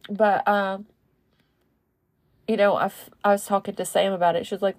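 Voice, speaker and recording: A woman's voice: mid-range voice, moderate pace, vocal fry, pauses often, no echo. A woman hosting her own podcast, talking in a rambling, casual way full of fillers and self-corrections. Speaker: podcast host. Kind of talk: casual solo podcast monologue.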